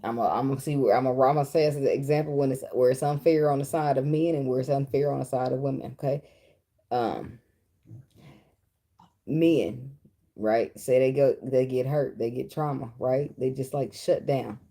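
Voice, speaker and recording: A woman's voice: rumbling low, fairly even intonation, normal speed, mellow. A woman, giving a casual, blunt tarot reading full of swearing and chatter to the cards. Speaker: tarot reader.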